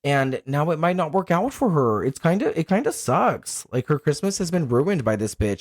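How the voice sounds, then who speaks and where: A man co-hosting a podcast in casual chat, animated and profane, laughing often. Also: a little high, moderate pace, dry recording, clean studio sound. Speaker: podcast co-host.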